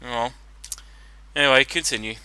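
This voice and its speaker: A man's voice: mid-range voice, moderate pace, bright, forceful tone, rough recording. A man giving casual, rambling blind reaction commentary on a cartoon episode. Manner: casual, rambling, many fillers.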